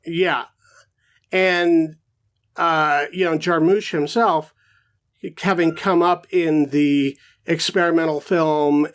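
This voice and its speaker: A man's voice: a little high, smooth. A man co-hosting a podcast, chatting casually about a film and thinking aloud with lots of fillers. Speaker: podcast co-host.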